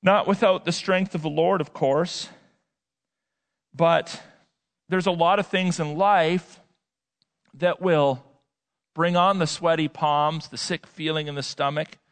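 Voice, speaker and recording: A male pastor preaching a sermon, emphatic, swinging between loud and quiet and repeating words for effect. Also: fairly high pitch, steady tone, slow pace, pauses often. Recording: long hall reverb.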